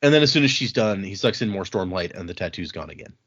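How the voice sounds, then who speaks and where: A man's voice: sits low, lively intonation, fast, fairly bright tone, breathy edge, highs cut off. A man hosting a podcast, casually retelling book scenes and acting out the characters' quoted lines. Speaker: podcast host.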